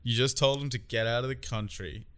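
Blunt, bright-voiced man. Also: mid-range voice, a little fast. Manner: blunt, swears freely, laughs loudly. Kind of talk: casual chat.

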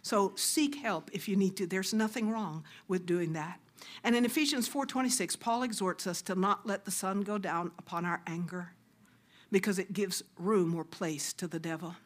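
A middle-aged woman preaching a sermon, earnest and exhorting, sometimes dropping to a hushed near-whisper. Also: medium pitch, normal speed. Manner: earnest, exhorting, drops to soft hushed asides.

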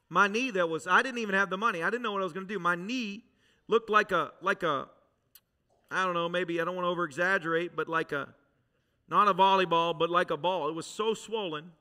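A male pastor preaching a sermon to a congregation, telling a dramatic personal testimony that swings from loud urgency to hushed intensity. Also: high voice, brisk. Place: church service with a congregation.

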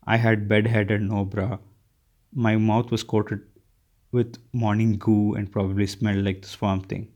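Low-voiced man reading a novel. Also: little pitch movement, a little slow, a little mellow, highs cut off. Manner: unpolished reading with frequent restarts. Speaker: audiobook reader. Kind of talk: first-person novel reading.

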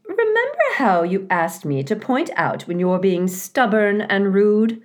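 A brisk mother beaver with a high, firm, no-nonsense voice, as a woman puts her on in a storybook reading. She speaks with practical authority. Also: big pitch swings.

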